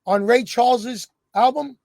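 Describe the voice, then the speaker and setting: A male podcast host with a high yet warm, dark-toned voice asks questions admiringly. He hesitates often and fills pauses. The sound is dry, with no room echo. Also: creaky. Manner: admiring, hesitant with many fillers. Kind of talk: casual interview.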